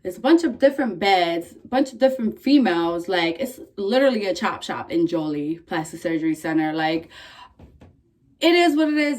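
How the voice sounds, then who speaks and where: A young woman vlogging, casually telling a story in a candid, profane, animated way, full of "like" fillers. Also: medium pitch.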